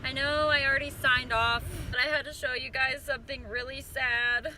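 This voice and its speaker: A woman's voice: sits high, flat delivery, moderate pace. A young woman in her home kitchen, chatting casually through a baking vlog, playful and self-deprecating, tripping over her words, with faint music behind. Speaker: home baker vlogger.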